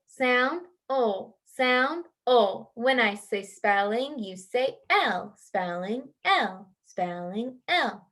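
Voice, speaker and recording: Slow-talking woman teacher drilling phonics. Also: fairly high pitch, a bit bright. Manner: slow, clear, sing-song call-and-response drilling. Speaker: kindergarten teacher. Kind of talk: online phonics lesson for young children. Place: home, teaching over video call.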